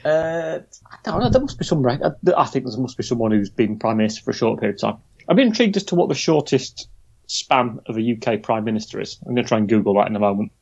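A man's voice: mid-range voice, expressive, quick pace, gravelly, darkish tone, breathy edge. A man co-hosting a casual news chat, wry and chatty. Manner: chatty, wry, drifts into mock quotes. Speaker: podcast co-host. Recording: dull lo-fi sound.

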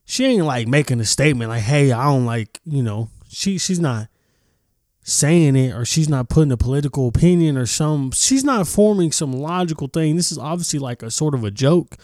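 A man giving casual, blunt reaction commentary, swearing freely and often stopping to clear his throat. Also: fairly high pitch, lively intonation, normal speed, darkish tone, dry recording, clean studio sound. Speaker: commentary vlogger.

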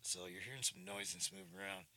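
A man in his sixties hosting a podcast, talking in a casual rambling monologue, excitable and swinging from low mutters to loud bursts. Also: quick pace, vocal fry. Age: 60s. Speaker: podcast host. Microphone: studio mic through audio interface.

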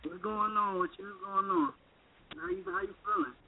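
A man's voice: high voice, big pitch swings, moderate pace, gravelly. A man calling in to a radio show, rambling with lots of fillers and repeated phrases. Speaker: caller and musician. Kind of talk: casual phone call to a radio show. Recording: tinny phone line with hiss.

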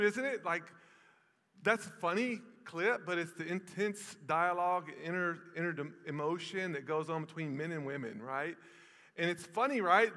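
A man's voice: fairly high pitch, pushed and bright, big-room sound. A man with a Tennessee accent preaching a sermon in a folksy way, repeating lines for emphasis. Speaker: pastor.

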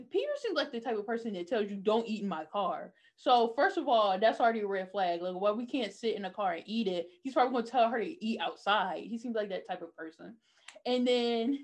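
A young woman with a fairly high voice chats casually with a friend about a show. She is animated, laughs often and slips into quick impressions of the characters. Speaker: podcast co-host. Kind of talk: casual chat recapping a TV show.

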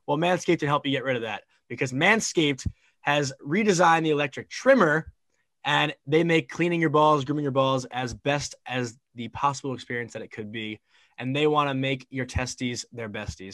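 A man's voice: medium pitch, fairly bright tone, no room sound. Hyped male podcast host, dry sound. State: out of breath after the ad. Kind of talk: casual podcast chat with ad read.

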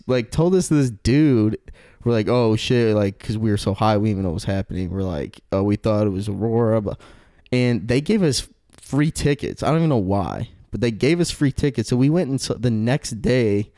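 A man's voice: medium pitch, mellow, no room sound, clean studio sound. A young man telling a story in casual podcast chat, rambling with lots of fillers and swearing. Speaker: podcast host.

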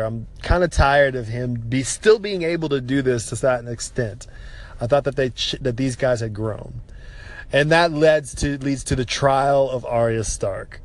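A man giving a casual, animated spoken recap of a TV episode, exasperated and swearing freely. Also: mid-range voice, moderate pace.

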